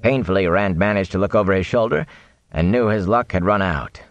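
A man reading a fantasy novel aloud in animated, expressive audiobook narration. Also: sits low, fairly quick, no echo, dull audio.

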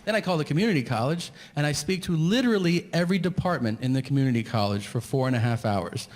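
A man's voice: fairly high pitch, animated, fast talker. A man telling a long stand-up story, exasperated and profane, acting out the people in it on a live stage mic. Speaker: stand-up comedian. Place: theater stage before a laughing crowd. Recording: live hall with long reverb, faint noise.

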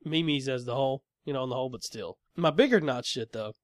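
Fast-talking, profane man telling a story. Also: mid-range voice, no room sound, studio quality. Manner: profane, animated storytelling that acts out both sides of an argument. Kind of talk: casual conversation.

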